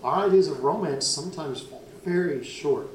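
A man's voice: on the high side, normal speed, slight background noise. A man with a Southern US accent leading a Bible study class in a church classroom, explaining earnestly and asking questions. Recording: roomy room echo.

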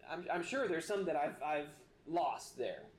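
Halting, earnest man preaching in an echoey room. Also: a little high, sing-song. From United States. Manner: earnest, halting with many restarts. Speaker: pastor. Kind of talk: sermon.

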